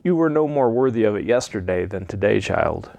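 A man voicing a wise, patient older nanny in a read-aloud storybook, speaking firmly but gently. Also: lowish voice, expressive, brisk, creaky, no room sound, muffled recording. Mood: firm, gentle.

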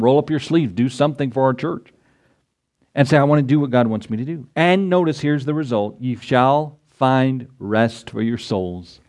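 A man's voice: mid-range voice, darkish tone. A man preaching a sermon as pastor, emphatic and full of rhetorical questions, acting out the voices he quotes.

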